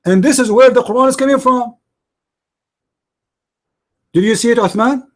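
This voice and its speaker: A man's voice: very high voice, normal speed. A man hosting a live debate, arguing emphatically and repeating his points to the viewers. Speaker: debate host.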